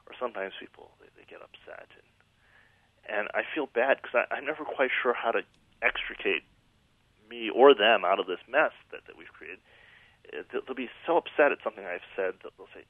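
Low-voiced man on a tinny phone line. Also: a little fast, dry recording. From American Midwest. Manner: earnest, reflective, with frequent restarts. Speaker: author and guest. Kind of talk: radio call-in interview. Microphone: telephone.

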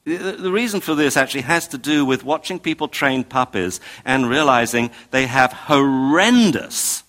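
A man from England giving a recorded talk, animated and comic, acting out scenes. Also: medium pitch, moderate pace. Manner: animated, comic, acts out owners. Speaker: speaker.

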